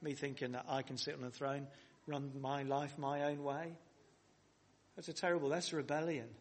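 A man's voice: on the high side, level tone, moderate pace. Man preaching a sermon. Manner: preaching with rising emphasis and rhetorical questions. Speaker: pastor. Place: church hall.

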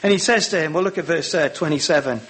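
A man preaching a sermon, acting out the lines of the Bible characters with lively emphasis. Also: on the high side, fast talker, husky.

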